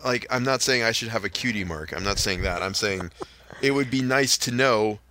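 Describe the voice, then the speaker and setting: A man's voice: on the low side, moderate pace, pushed and bright, slight background noise. A man co-hosting a casual talk show, blunt and rambling with a wry edge. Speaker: podcast co-host. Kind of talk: casual chat.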